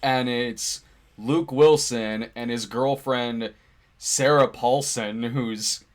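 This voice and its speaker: A man's voice: medium pitch, steady tone, slow pace. A man co-hosting a casual movie review, rambling with fillers and restarts and laughing often. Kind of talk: casual conversational film review.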